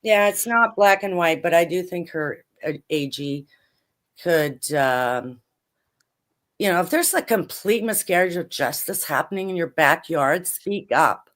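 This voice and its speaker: A woman's voice: on the low side, expressive, measured pace, fairly bright tone. An older woman from Canada, a retired federal prosecutor, chatting as a guest in a casual interview, rambling with asides and fillers.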